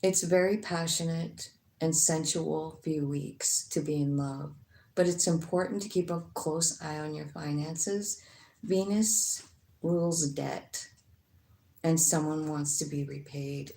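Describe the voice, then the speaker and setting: A woman's voice: sits low, slow, vocal fry, dark tone. Chatty woman in an echoey room. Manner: rambling, chatty, with frequent fillers and swearing. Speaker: tarot reader. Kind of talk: casual tarot reading. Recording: echoey room with faint noise.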